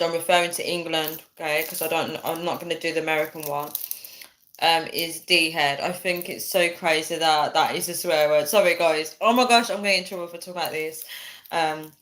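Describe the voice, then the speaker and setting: Speaking in a lowish, fairly bright voice, this young livestream host keeps up a relaxed chat with viewers. She reads their comments aloud and laughs frequently.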